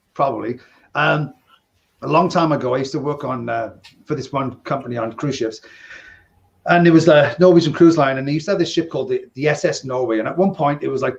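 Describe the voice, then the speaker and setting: A man's voice: mid-range voice, creaky. Chuckling man telling stories, lo-fi sound. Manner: rambling, chuckling, acts out quoted dialogue. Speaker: podcast host, casino dealer. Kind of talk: casual storytelling.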